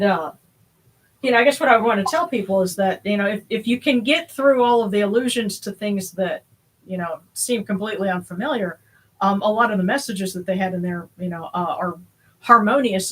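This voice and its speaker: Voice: medium pitch, fairly bright tone, breathy edge, low-quality recording. Livestream host, casual and rambling, hesitant, plenty of fillers. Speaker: host of a religious livestream service.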